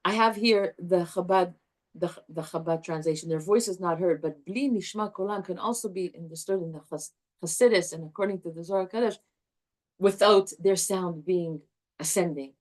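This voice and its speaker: A woman teaching a live Torah class to a group, animated and chatty, restarting her sentences often. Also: on the low side, normal speed.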